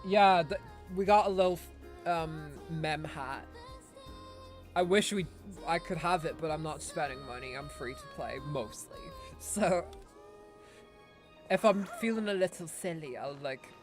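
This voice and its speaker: A man's voice: fairly high pitch, measured pace, soft background music. A man from Ireland, chatting casually and rambling as he streams a game, swearing and laughing often. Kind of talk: casual livestream chat.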